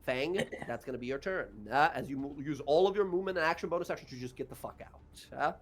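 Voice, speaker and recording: A man running a tabletop game as game master, narrating in a halting way with many fillers. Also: a little high.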